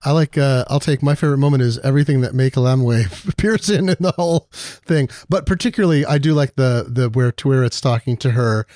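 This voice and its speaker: A man's voice: mid-range voice, fairly quick, dry recording, clean studio sound. A man on a podcast panel in casual chat, rambling through his picks with frequent laughs. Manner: rambling, laughing, animated asides.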